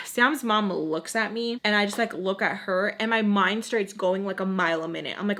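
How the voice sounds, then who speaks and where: Young female vlogger, casual storyteller, animated with quoted dialogue. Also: mid-range voice, normal speed. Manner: chatty, acts out quotes with "I'm like".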